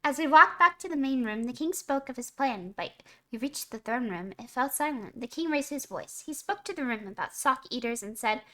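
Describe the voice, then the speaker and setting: A woman streamer reading a bedtime story aloud, telling it gently and giving the characters small voices of their own. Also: high voice, expressive, normal speed. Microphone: streaming mic.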